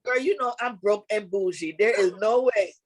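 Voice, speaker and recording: A Jamaican woman from Jamaica, a guest actress in a casual chat, animated and joking, quick to laugh. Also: mid-range voice, background noise.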